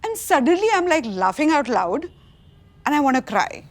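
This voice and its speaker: A woman chatting casually as a guest, telling her stories in an animated way and laughing often. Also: high voice, normal speed, no room sound. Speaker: guest mother. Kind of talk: casual chat.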